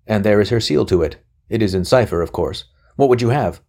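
A man reading aloud, voicing an excitable young male conspirator who snaps and sneers bitterly. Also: fairly low pitch, brisk. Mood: snappish. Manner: snapping, bitter, boastful.

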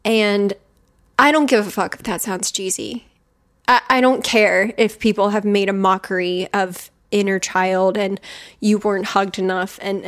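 A woman talks frankly about healing work in a personal monologue. She is emphatic and blunt, swears now and then, and speaks at an average pitch. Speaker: podcast host, healing coach.

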